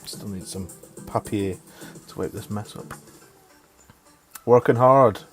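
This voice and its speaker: Male streamer, middle-aged, lower voice, casual and sweary; light music underneath. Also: slow. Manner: chatty, swears, mutters to himself. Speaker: game streamer. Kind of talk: casual chat over live gameplay. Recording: faint music behind.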